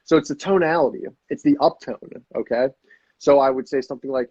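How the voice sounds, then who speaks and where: A man chatting as a podcast guest, energetic and swearing freely, often acting out sales calls. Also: medium pitch, a little fast, husky, no echo, dull audio. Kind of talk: casual podcast chat.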